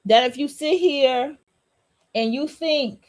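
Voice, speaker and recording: Blunt high-voiced woman podcast host. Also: slow, a little mellow. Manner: blunt, repetitive, preachy and profane. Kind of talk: solo podcast monologue.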